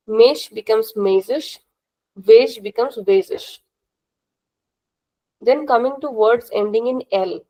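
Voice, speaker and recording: Patient teacher, woman, slightly high voice. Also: creaky, mellow, low-quality recording. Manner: patient, repeats rules and checks understanding. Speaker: language teacher. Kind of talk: live online class instruction.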